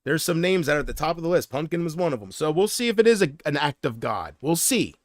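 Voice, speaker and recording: A man on a livestream vents in an agitated, profane rant and answers his chat as he goes. His voice sits a bit high for a man. The sound is close and dry, with no room echo. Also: big pitch swings, fast. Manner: reads viewer comments aloud. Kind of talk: live-stream rant to chat.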